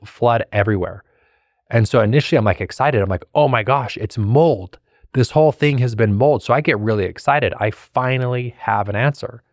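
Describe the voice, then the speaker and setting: A man's voice: lowish voice, creaky, no echo, studio quality. A man hosting a podcast, a coach telling his own story in an earnest, candid way and acting out his conversations. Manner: earnest, reenacts conversations, many "I'm like" asides. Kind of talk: solo storytelling, casual and candid.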